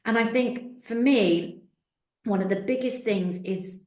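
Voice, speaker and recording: A woman's voice: on the high side, a little slow, darkish tone, roomy sound. A woman spiritual mentor answering interview questions earnestly, sometimes acting out voices in her stories.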